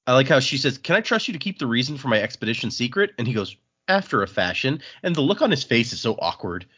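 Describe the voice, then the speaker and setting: Podcast co-host, male, husky, animated recap delivery, lo-fi sound. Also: mid-range voice, fast. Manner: animated storytelling, acting out characters' lines. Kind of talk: casual chat. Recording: dull lo-fi podcast audio.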